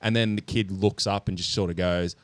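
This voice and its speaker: A man co-hosting a podcast, telling a film's story in an animated, sweary way with lots of ums. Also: low-pitched, moderate pace, no room sound. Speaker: podcast co-host. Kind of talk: casual podcast chat, movie review.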